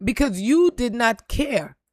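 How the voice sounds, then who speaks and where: A woman's voice: fairly high pitch, animated, takes it slowly, no room sound, studio quality. A woman vlogger telling a story in a blunt, profane, preachy rant. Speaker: spiritual reader and vlogger.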